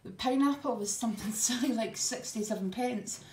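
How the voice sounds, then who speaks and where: Somewhat high-pitched and moving at a moderate pace, this middle-aged woman chats casually about her grocery haul for her vlog. She sounds homely, says um often, and is a bit out of breath. It's recorded in an echoey room with a little noise.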